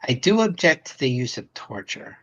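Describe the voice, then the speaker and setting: A man's voice: medium pitch, big pitch swings, normal speed, muffled recording. A man playing a tabletop game, stammering a bit, dry and sarcastic about the plan. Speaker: player. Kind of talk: casual chat in a tabletop game.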